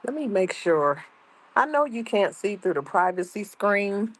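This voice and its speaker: A woman's voice: medium pitch, very animated, unhurried. A grandmother streaming casually from home, chatting and reading her chat aloud. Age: older. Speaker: livestream host. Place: outdoors at home.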